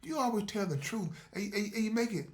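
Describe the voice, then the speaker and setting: A man's voice: sits high, animated, fairly quick, a little mellow, pitched above the performer's own voice. A man voicing his teenage niece, an earnest girl who keeps coaxing and repeating his name. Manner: coaxing, repeats "Uncle Andrew".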